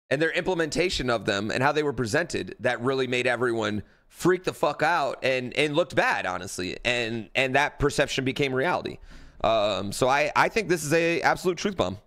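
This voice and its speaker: A man's voice: medium pitch, animated, normal speed, fairly bright tone. Male streamer rambling live, blunt, swears a lot, voice jumps all over the place. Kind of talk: casual livestream reaction chat.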